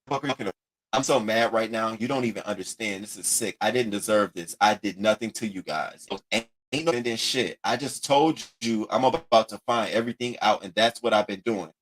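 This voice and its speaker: A man hosting a casual commentary, reading text messages aloud and reacting to them with a profane, animated delivery. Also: fairly low pitch, fairly quick, hardly any pauses, poor audio. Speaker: commentary host.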